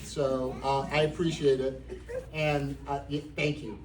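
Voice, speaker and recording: In a level tone and unhurried, a medium-pitched man gives a lighthearted acceptance speech for his black belt promotion at a jiu-jitsu academy. He spins an anecdote with comic timing that becomes sincere. Audio is echoey and distant, with crowd noise.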